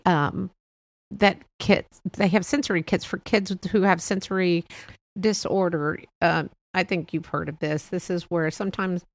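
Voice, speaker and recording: A woman's voice: fairly low pitch, no echo. A middle-aged woman hosting her own podcast, chatting loosely about toys with frequent laughs and rambling restarts. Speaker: podcast host. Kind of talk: casual solo podcast chat.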